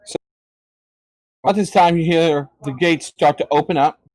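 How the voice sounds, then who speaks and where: A man's voice: a little high, steady tone, a little slow, a little mellow, dry recording. Hesitant male game master, dry sound. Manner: hesitant, full of fillers. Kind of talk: narrating a tabletop game.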